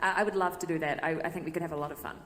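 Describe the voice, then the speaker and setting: A woman's voice: sits low, steady tone, noisy background. A woman from New Zealand with a New Zealand accent, chatting playfully on a convention panel. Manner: playful, quick to joke. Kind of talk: casual panel chat. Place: large convention hall. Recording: echoey hall, loud crowd.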